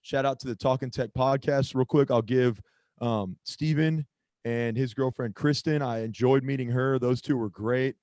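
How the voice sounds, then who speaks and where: A man's voice: medium pitch, steady tone, normal speed, darkish tone, no echo. A man co-hosting a casual sports podcast, rambling and often stopping to search for a name or lose his thread. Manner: rambling, self-interrupting, loses his train of thought. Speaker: podcast co-host.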